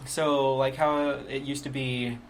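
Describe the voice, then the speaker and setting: A woman co-hosting a casual chat podcast, relaxed and curious, asking her co-host plenty of questions. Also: extremely low pitch, takes it slowly, a little hiss or hum.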